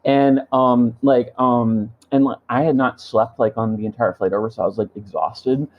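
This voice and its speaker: A man chatting on a podcast at a middle pitch, pausing often on ums and likes. The recording of his voice is a bit dull and lo-fi. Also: steady tone. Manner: hesitant, lots of ums and likes, laughs. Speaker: podcast co-host. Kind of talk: casual chat.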